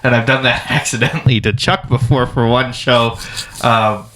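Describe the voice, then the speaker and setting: Easygoing co-host, medium pitch, relaxed teasing banter. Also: male voice, normal speed, a little hiss or hum. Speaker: podcast co-host. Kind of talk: casual chat.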